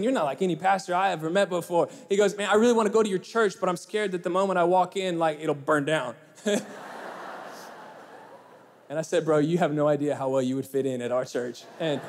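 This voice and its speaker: A young man preaches a sermon. His voice sits a little high, and he tells his stories in an animated way, acting out the other people's lines. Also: a little hiss or hum. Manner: animated storyteller, acting out dialogue. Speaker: pastor. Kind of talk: sermon with storytelling.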